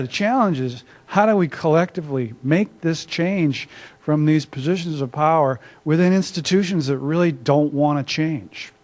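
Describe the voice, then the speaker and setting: An older man, an academic, giving a conversational workshop presentation in a conference room, with frequent filler words. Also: a little high. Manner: conversational, self-deprecating, many filler uhs. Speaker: academic speaker.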